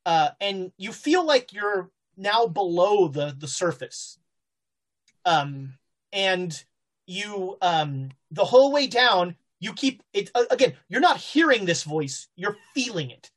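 A woman narrating a horror tabletop game as game master, halting with fillers and restarts. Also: mid-range voice, very animated.

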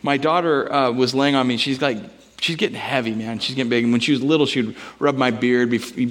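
A man's voice: mid-range voice, fairly bright tone. A man, a pastor, preaching a sermon in a casual, conversational way, mixing scripture with personal stories.

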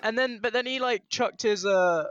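A young man with a high voice rambles through a story, packing his sentences with filler words. The recording sounds dull and lo-fi, as if the top end were muffled. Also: moderate pace, a bit bright, a little hiss or hum. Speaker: podcast host. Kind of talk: casual storytelling chat.

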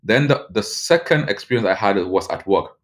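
A man's voice: lowish voice, expressive, normal speed. A young man with a Nigerian accent, a journalist, recounting his experiences casually with lots of "like" and restarts. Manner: loose, full of "like" and restarts. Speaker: journalist interviewee. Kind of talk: casual personal storytelling.

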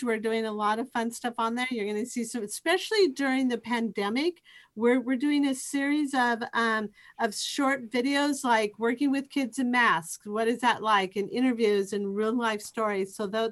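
A middle-aged woman, a professor and youth program director, telling stories as a guest on a podcast, lively and full of false starts. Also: fairly high pitch. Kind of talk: conversational interview storytelling.

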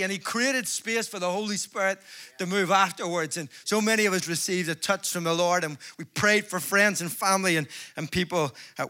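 A man's voice: sits high, pushed and bright. A Northern Irish man preaching at a conference, joking with the crowd and building to fervent exhortation. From Northern Ireland. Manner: jokey, rising to fervent exhortation. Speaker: evangelist preacher. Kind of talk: conference sermon with humor. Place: large conference hall before an audience.

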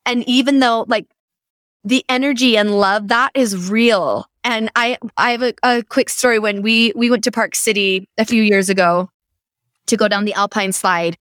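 Middle-aged lady host telling a story, earnest and lively, super dry close mic. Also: on the high side, normal speed, clean tone, no echo. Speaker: podcast host. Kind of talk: casual interview storytelling.

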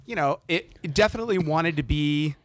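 A man's voice: on the high side, a little fast, no echo. A man hosting a casual podcast, speaking in an easygoing, rambling way with many fillers. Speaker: podcast host. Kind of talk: casual chat.

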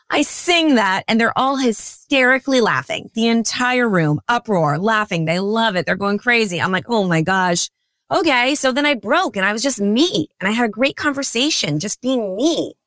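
A woman in her thirties hosting a podcast, telling a story about herself in a chatty, animated, self-deprecating way. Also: medium pitch, no echo. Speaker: podcast host. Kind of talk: casual storytelling monologue.

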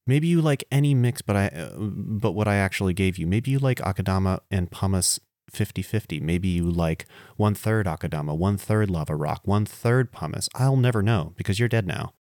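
A man with a very low voice delivers a casual spoken eulogy, playful and wandering, with self-mocking asides. He jumps from excited outbursts to soft murmurs. The recording is close and dry, with no room sound. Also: a little fast, few pauses, no room sound. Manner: swings between animated outbursts and quiet, low murmurs. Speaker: podcast host.

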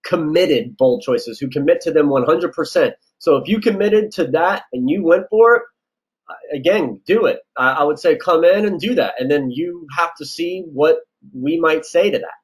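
Guy talking casting tips, kinda high voice, loose and chatty. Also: expressive, moderate pace, rough recording. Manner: loose, chatty, lots of likes and you-knows. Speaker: casting director. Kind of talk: casual interview advice.

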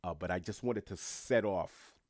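Low-voiced man hosting a talk podcast. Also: normal speed, a little mellow, no room sound, clean studio sound. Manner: earnest, repeats words when restarting. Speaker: podcast host. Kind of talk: casual monologue.

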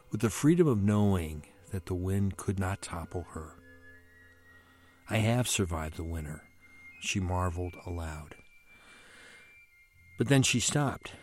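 A male priest reading a story aloud in a measured way on a podcast. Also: fairly low pitch.

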